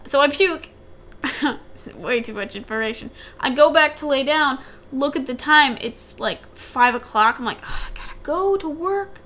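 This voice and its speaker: High-voiced young woman telling a rambling story. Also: a little slow, pushed and bright. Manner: rambling, repeats herself, acts out quotes. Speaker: podcast co-host. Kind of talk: casual storytelling chat.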